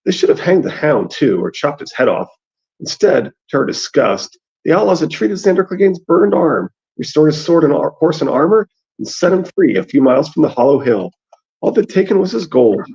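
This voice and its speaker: Gravelly man reading and chatting. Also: a little high, very animated, normal speed, a little mellow. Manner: reads aloud, then chats about the text. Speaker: podcast host reading aloud. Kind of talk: casual book discussion and reading aloud. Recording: dull lo-fi sound.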